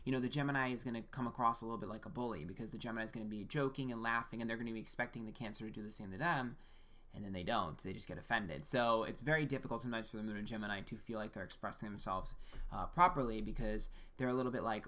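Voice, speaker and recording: Bright-voiced man giving a frank reading. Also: fairly low pitch, racing. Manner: casual and direct, addresses the listener as "you", checks in with "okay?"; frank, with occasional swearing. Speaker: astrologer. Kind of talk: one-on-one birth chart reading.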